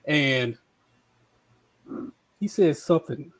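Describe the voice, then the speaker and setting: Slightly high-voiced man ranting casually. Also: animated, drawn-out words. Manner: irritated ranting with profanity. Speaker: podcast co-host. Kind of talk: casual chat.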